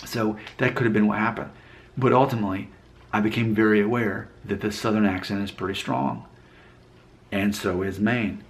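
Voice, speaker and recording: A man from Alabama chats to camera in a loose, rambling way and pokes fun at himself. His voice is low and gravelly with plenty of fry. He thinks out loud as he goes. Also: steady tone, normal speed. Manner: rambling, thinks aloud, self-deprecating. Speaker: vlogger. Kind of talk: casual talking-head commentary.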